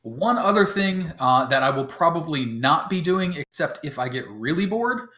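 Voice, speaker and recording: Relaxed man running a tabletop game. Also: a little high, moderate pace. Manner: relaxed, filler-heavy, chuckles often. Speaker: game master. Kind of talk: explaining game setup to players. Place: home, talking over voice chat.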